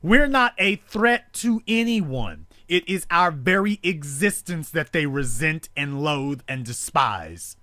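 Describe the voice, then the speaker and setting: Impassioned talk-show host, high and lively. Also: male voice, takes it slowly, few pauses, dry recording, studio quality. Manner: forceful, rhetorical, repetitive emphasis. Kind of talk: impassioned call-in show monologue.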